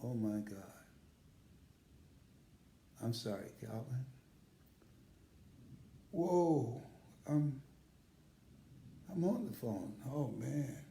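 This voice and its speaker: A man's voice: mid-range voice, vocal fry, mellow, roomy sound, slight background noise. An older man, a motivational speaker, telling personal stories in a casual live stream and laughing heartily as he talks.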